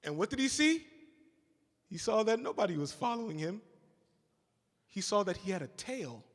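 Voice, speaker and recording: A man's voice: high voice, big pitch swings, moderate pace. A man who co-hosts a radio show, giving a rousing fundraising speech and telling a story live, with call-and-response. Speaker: radio co-host, fundraiser speaker. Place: church hall, live event. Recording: reverberant church hall.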